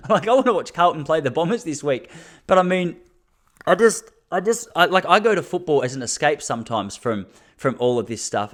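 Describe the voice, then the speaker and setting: A man's voice: mid-range voice, a bit bright. An Australian man in his thirties hosting a solo podcast, talking bluntly and laughing between points. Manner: fired-up, blunt, laughs often, acts out quotes. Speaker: podcast host. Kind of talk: casual solo podcast monologue.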